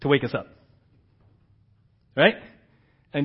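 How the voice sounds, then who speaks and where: A man's voice: mid-range voice, animated, normal speed. A middle-aged man preaching a sermon in a conversational way, often checking in with "right?" and acting out quotes, in a slightly muffled recording. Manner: conversational, keeps asking "right?"; acts out quoted characters with big swings in loudness. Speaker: pastor.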